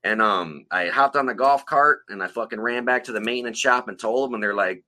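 A man's voice: medium pitch, fairly quick, hardly any pauses, sharp tone. A man co-hosting a podcast, telling rambling stories in casual chat full of profanity. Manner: rambling, heavily profane storytelling. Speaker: podcast co-host.

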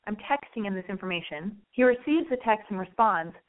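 A woman's voice: medium pitch, brisk. Exasperated woman telling a story over a tinny line. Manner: animated, exasperated, acts out quotes; chatty, addresses listeners directly. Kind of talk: casual anecdotal storytelling.

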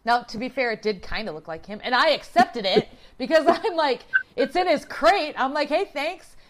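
A woman telling a story in casual chat, animated, laughing often and swearing freely. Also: sits high, normal speed, noisy background.

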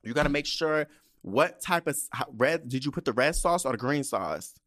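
A man rants on his solo podcast in a loose, profane, storytelling way. He piles on exasperated asides and keeps his voice at an ordinary middle pitch. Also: animated, normal speed, a bit bright. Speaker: podcast host. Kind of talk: casual solo podcast rant.

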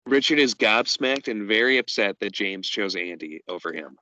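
A man co-hosting a podcast, recapping a show in casual chat with dry, deadpan humor. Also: lowish voice, normal speed, no echo, highs cut off. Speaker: podcast co-host. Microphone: podcast microphone.

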